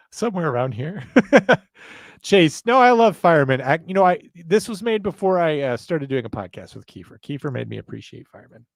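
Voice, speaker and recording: A man's voice: fairly high pitch, very animated, fairly quick, gravelly, no room sound. A man hosting a live chat, rambling and self-mocking, laughing often. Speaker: show host.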